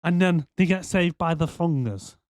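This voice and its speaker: Male podcast co-host: profane, ranting, higher-pitched, dry sound. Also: normal speed, a little mellow, no echo. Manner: profane, ranting, jumps into mock voices. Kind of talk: casual chat.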